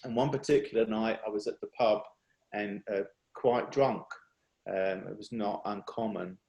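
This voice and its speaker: A man speaks over a video call in a rather low voice, earnest and confessional, often stopping and restarting his sentences. His voice carries a roomy echo. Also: steady tone, normal speed, vocal fry, a little mellow, lo-fi sound. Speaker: speaker at a worship workshop. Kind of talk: personal testimony.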